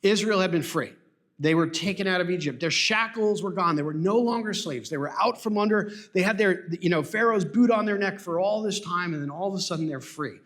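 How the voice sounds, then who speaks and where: A man's voice: high voice, a little fast, fairly bright tone. A man preaching a sermon in a church, earnest and repetitive, asking rhetorical questions. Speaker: pastor. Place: church sanctuary.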